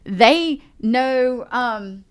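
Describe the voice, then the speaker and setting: A woman's voice: a little high, extremely slow, clean tone. A woman, co-hosting a podcast and telling a story in casual chat, acting out the other people's lines. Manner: animated storyteller acting out quoted dialogue. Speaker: podcast co-host.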